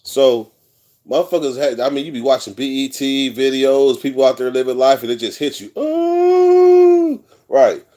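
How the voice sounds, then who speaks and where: A man's voice: medium pitch, steady tone, brisk, a little mellow. Profane, rambling man. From California. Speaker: vlogger telling prison stories. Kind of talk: casual storytelling monologue.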